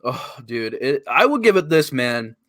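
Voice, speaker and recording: A man in a casual movie review chat, excitable, laughing and mimicking characters. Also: mid-range voice, measured pace, no echo, clean studio sound. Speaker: podcast guest.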